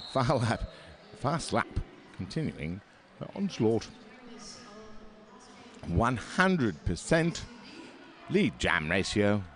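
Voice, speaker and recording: Low-voiced Australian man commentating roller derby. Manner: rambling, chatty and self-deprecating, with filler words. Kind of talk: live sports commentary. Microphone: headset.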